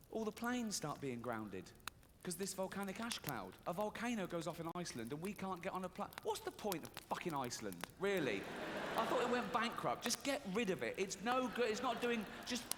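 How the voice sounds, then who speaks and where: A man delivers a stand-up set in a sardonic, profane manner, his voice sitting a little higher than most men's. He is recorded on a big arena stage, so a long reverb trails his words. Audience noise is clearly present beneath him. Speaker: stand-up comedian. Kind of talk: stand-up comedy routine. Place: large concert arena stage.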